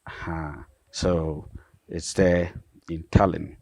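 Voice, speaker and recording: Deep-voiced man teaching vowel sounds. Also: flat delivery, a little mellow, dry recording. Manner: patient, repeats each word slowly. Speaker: pastor and language teacher. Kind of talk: explaining vowel sounds with example words.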